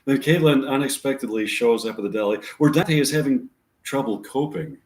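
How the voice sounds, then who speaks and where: A man reading his own screenplays aloud and introducing the scenes, stopping and restarting as he goes. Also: mid-range voice. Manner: rambling, halting restarts. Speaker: amateur screenwriter. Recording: echoey room.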